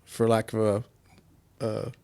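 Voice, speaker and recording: A man's voice: unhurried, darkish tone. A middle-aged man from rural Appalachian Pennsylvania, a podcast guest telling stories in a rambling way, full of fillers and restarts. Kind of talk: casual interview storytelling.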